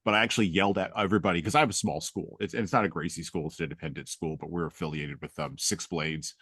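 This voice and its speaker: A man's voice: low voice, fairly even intonation, fast talker, bright, forceful tone, breathy edge, dry recording, studio quality. A man hosting a podcast, chatting casually and telling humorous stories with self-deprecating jokes. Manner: humorous storytelling. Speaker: podcast host. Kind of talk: casual conversation.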